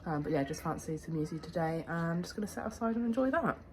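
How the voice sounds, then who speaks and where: A young woman vlogging casually about her day, chatty and relaxed, her voice hoarse as she is losing it. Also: fairly low pitch, fast talker. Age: young adult. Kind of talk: casual vlog chat.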